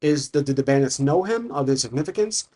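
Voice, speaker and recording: A man's voice: a little high, lively intonation, brisk, dark tone, breathy edge. A man narrating a solo tabletop campaign as game master, thinking aloud with frequent restarts.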